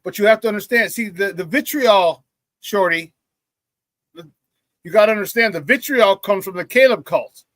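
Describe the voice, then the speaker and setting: High, bright-voiced ranting sports host. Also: male voice, moderate pace, long pauses, no echo. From Chicago area. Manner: blunt, ranting, laughs often at his own jokes. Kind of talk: live-stream sports talk, reading chat comments.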